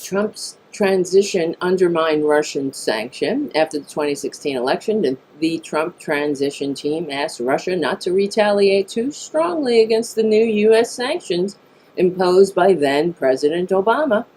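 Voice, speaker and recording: A woman's voice: lowish voice, expressive, a little slow, a little mellow, slight background noise. A woman hosting a live political talk stream, reading news items and making blunt, profane asides, on a mic that sounds tinny. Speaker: political talk show host.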